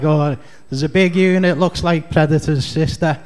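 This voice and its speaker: A man's voice: fairly high pitch, fairly even intonation, moderate pace, few pauses, a little mellow, smooth. A man with a Scouse accent doing a rambling, chatty stand-up comedy set on a club stage. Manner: rambling, chatty, heavy on fillers.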